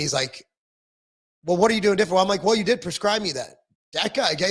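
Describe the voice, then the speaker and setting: A middle-aged man talks casually on a livestream, answering viewer comments as he goes. His voice sits high for a man. He rambles, pokes fun at himself and fills pauses with ums and false starts. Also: fairly bright tone. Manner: rambling, self-deprecating, frequent ums and restarts.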